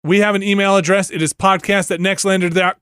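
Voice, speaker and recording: A middle-aged man hosting a podcast, rambling and animated with lots of fillers and restarts. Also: sits high, quick pace, clean tone, no echo, studio quality. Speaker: podcast host. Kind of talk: casual chat.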